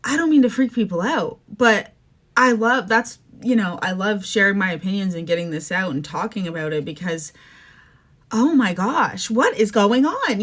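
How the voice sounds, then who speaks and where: A woman's voice: mid-range voice, a bit bright. A young adult woman from Canada hosting a podcast, ranting casually and with emotion, full of "like" and "um". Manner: emotional, fast-shifting, says "like" and "um" often. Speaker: podcast host. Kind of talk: casual opinion rant.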